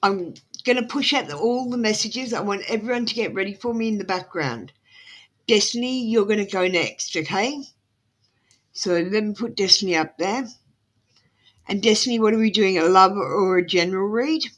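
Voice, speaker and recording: Speaking at a normal speed with a medium-pitched voice, an Australian woman reads tarot during a live stream. The chat is casual, rambling and apologetic, peppered with ums.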